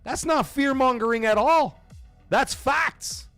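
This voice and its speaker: A man hosts a gaming livestream, ranting casually and animatedly with lots of swearing and rhetorical questions. He acts out quoted voices with jumps in pitch. He takes it slowly, with soft music in the background.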